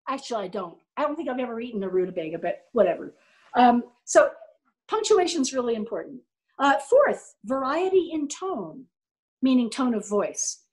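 Lively higher-voiced woman teaching music. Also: normal speed, poor audio. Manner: animated, demonstrative, often checks in with "right?". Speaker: violin teacher. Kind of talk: online music class lecture. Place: home.

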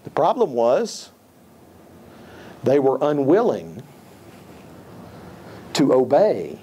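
A man's voice: medium pitch, huge pitch swings, extremely slow, mellow, a little hiss or hum. A male pastor preaching a sermon, emphatic, repeating key phrases and quoting scripture.

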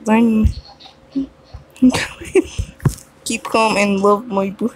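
Slow, rambling young woman vlogger. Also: mid-range voice, darkish tone, husky, low-quality recording. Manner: slow, rambling and giggly, reading out phrases. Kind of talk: casual solo chat.

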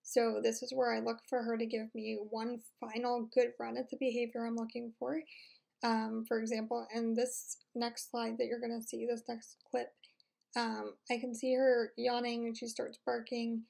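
A woman's voice: fairly high pitch, monotone, normal speed, creaky, a little mellow. A woman giving an instructional voice-over about training her dog, explaining steadily with frequent fillers.

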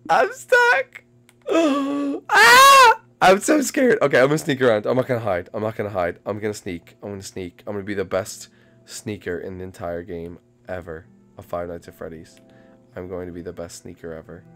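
A young man commentating a game. He repeats his phrases again and again, and swings from hushed muttering to panicked shrieks. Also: deep voice, fairly even intonation, fast talker, soft background music. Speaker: gameplay commentator.

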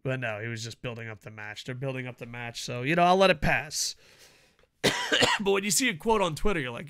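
A man giving a casual, profane wrestling preview rant, mocking and swinging between loud outbursts and low mutters. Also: a little fast. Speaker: wrestling vlogger.

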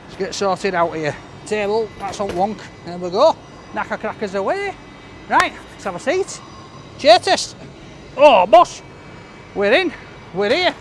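A man's voice: sits high, animated, normal speed, a bit bright, slight background noise. A man, chatting cheerfully and jokily to camera as a food-review vlogger on a city side street. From Leeds. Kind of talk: casual chat to camera.

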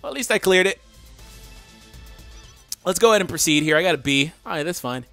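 A young man hosting a let's play, chatting casually to viewers and reacting loudly to the game, his voice groggy today. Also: high voice, expressive, a little fast, faint music behind. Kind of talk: casual gameplay commentary.

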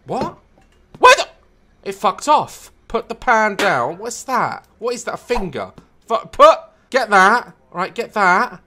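Wildly animated man yelling at a game. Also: takes it slowly. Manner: frustrated, swearing, bursts into high shouts. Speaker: gameplay video maker. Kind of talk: gameplay commentary.

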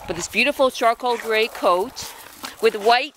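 A woman's voice: on the high side, a little slow, a bit bright, slight background noise. A woman presenting an adoptable dog, gushing and switching into baby talk to coo at the dog, laughing often. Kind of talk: casual show-and-tell to camera.

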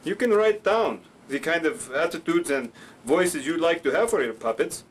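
A man's voice: on the high side, animated, moderate pace, slight background noise. A man teaching puppet voices in a rambling, playful way. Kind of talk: instructional puppet show.

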